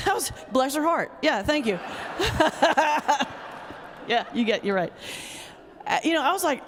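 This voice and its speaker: A woman's voice: sits high, expressive, a little slow, pauses often, noisy background. A middle-aged woman, an ordained minister giving a humorous lecture with a joking, teasing storyteller's delivery. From North Carolina, US South. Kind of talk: humorous lecture with stand-up comedy. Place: large hall before a live audience. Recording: long reverb of a lecture hall.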